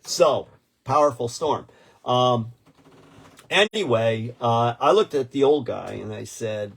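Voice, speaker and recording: A man in his sixties, a podcast co-host telling a story in casual chat, rambling and animated with many restarts. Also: mid-range voice, slow pace, vocal fry, husky. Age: 60s.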